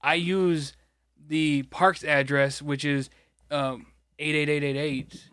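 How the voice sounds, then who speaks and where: A man's voice: fairly high pitch, level tone, takes it slowly, fairly bright tone, clean tone, no echo, studio quality. A man from Michigan, co-hosting a podcast, rambling through an exasperated, profane story in casual chat. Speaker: podcast co-host.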